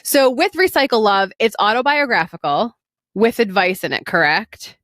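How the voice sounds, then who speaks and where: A woman's voice: mid-range voice, sing-song, normal speed, a bit bright, no echo, studio quality. A woman hosting a podcast interview in a casual chat. She agrees often and asks follow-up questions. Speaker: podcast host.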